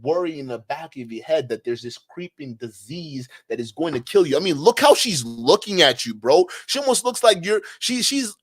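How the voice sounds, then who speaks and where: Profane, excitable man reacting to clips. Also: on the high side, moderate pace, hardly any pauses. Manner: excitable, profane, outbursts of disbelief and laughter. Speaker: reaction video host. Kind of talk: casual reaction commentary.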